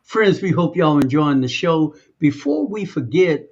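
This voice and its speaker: A man's voice: fairly high pitch, lively intonation, measured pace, muffled recording, crowd noise, background noise. A man co-hosting a podcast, talking in a loose, conversational way and drawing out the words he wants to stress. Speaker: podcast co-host. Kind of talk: casual chat.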